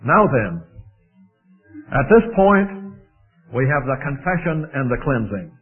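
A man preaching a sermon, slow and emphatic, repeating phrases for stress. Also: medium pitch, sing-song, phone-quality sound.

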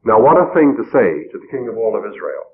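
A man giving an earnest, measured sermon, asking rhetorical questions as he preaches on a radio broadcast. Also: fairly low pitch, sing-song. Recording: tinny phone-like old radio broadcast.

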